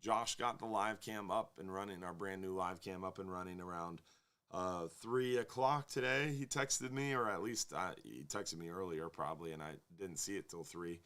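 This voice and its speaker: A man with a relaxed drawl and a fairly low voice hosts a live fishing show from his marina. He talks casually and at length, drifting into jokes and asides for his viewers. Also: normal speed. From Florida. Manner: laid-back, rambling, joking with viewers. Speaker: fishing charter captain hosting a live show. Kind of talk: casual live-stream chat.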